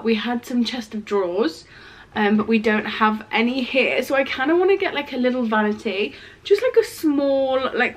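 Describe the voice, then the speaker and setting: A woman in her twenties chatting casually for her vlog in her student flat, full of "like" fillers, her throat a little rough from a cold. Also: fairly high pitch. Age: 20s. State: slightly ill, throat rough. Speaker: vlogger.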